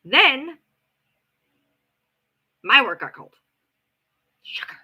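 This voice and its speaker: Animated, bright-voiced woman ranting sarcastically. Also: high-pitched, takes it slowly, slightly rough, rough recording. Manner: blunt, sarcastic and profane, animated storytelling. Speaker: livestream host. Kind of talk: ranting livestream chat.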